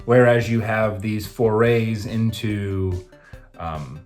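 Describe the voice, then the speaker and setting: A man's voice: lowish voice, fairly even intonation, slow, a little mellow, soft background music. A man chatting thoughtfully and analytically as a panelist. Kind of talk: casual chat.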